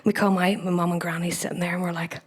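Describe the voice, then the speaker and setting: A woman's voice: lowish voice, level tone, quick pace, breathy edge. A young woman performing stand-up comedy on a club stage, chatty and self-mocking, swearing freely and laughing at her own lines.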